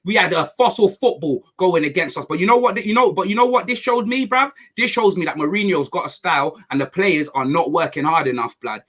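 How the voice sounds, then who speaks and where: A young man calling in as a fan, talking in an excited rush full of street slang. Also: high voice, brisk, hardly any pauses. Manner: hyped, heavy London slang. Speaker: caller.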